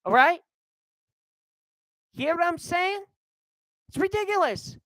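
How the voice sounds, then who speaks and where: A young adult woman vlogging in a heated, animated rant. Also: very high voice, slow, no room sound, poor audio. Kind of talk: ranting monologue.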